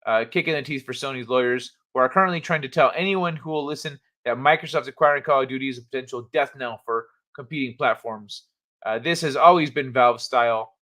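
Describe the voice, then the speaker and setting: A young man hosting a laid-back livestream, chatting and reading news out loud with frequent swearing. His voice is bright and forward, and he talks in a loose, offhand way. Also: mid-range voice. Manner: chatty, swears casually, reads articles with asides. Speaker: livestream host. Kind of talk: casual chat reading news and chat aloud.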